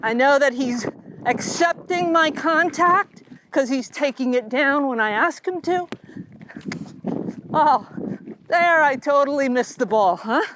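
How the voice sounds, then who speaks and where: A middle-aged woman with a high voice teaches while riding in an outdoor arena. She coaches in a calm, steady way and speaks to her horse between explanations. There is clear noise around her, with hooves and open-air sounds. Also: takes it slowly, long pauses. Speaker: riding instructor. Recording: noisy outdoor recording.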